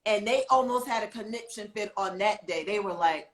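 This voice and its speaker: A woman's voice: mid-range voice, brisk, few pauses. Chatty woman co-host in an echoey room. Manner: chatty, animated recounting. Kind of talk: casual talk show chat.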